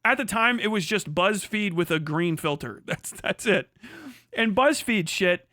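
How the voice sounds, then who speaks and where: A man's voice: sits high, lively intonation, unhurried, sharp tone, dry recording, clean studio sound. A man hosting a livestream, ranting casually and sarcastically with constant swearing and mocking quoted voices. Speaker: livestream host. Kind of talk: casual rant.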